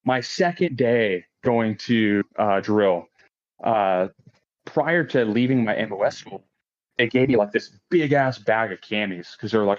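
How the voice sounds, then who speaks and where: A man's voice: lowish voice, animated, measured pace. A man in his late thirties, a podcast guest, telling a story in a casual, profane way, laughing often and acting out quoted lines in a raised voice. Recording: dull lo-fi podcast audio.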